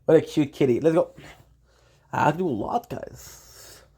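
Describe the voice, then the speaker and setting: A man's voice: a little high, moderate pace, mellow, breathy edge. Playful man chatting on stream. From Canada. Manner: playful, rambling, talks straight to viewers. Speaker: live streamer. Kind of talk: casual live-stream chat.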